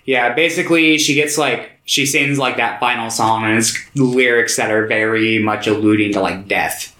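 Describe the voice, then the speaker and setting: A man's voice: mid-range voice, steady tone, normal speed, bright, forceful tone. A man co-hosting a podcast, casually recapping a film with lots of filler words. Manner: laid-back, filler-heavy recaps. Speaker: podcast co-host. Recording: roomy echo.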